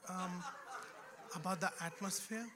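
A man's voice: sits high, steady tone, measured pace, over a noisy crowd, very noisy. A man preaching a sermon in a church, in a conversational way with laughing asides, rising to emphatic exhortation. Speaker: pastor.

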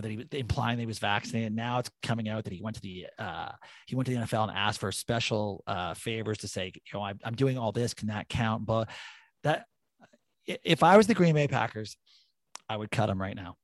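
A man's voice: on the low side, no room sound. A man hosting a casual sports podcast, talking animatedly with plenty of swearing and rambling stories. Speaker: podcast host.

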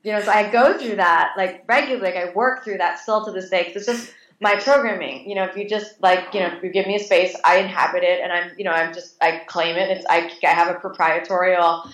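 Speaking briskly in a voice on the low side, a woman in her late thirties keeps a steady, fairly bright tone as she casually and animatedly shares stories as an interview guest. She restarts a lot and leans on fillers, and the room is echoey.

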